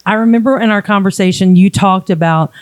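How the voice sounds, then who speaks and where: A woman hosting a casual faith conversation, chatty and quick to laugh. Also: medium pitch, no room sound. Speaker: podcast host.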